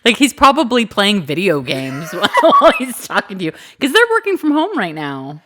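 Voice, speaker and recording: Podcast co-host, woman, wide swinging pitch, teasing, quick to laugh. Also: huge pitch swings, a bit bright, slight background noise. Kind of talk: casual chat.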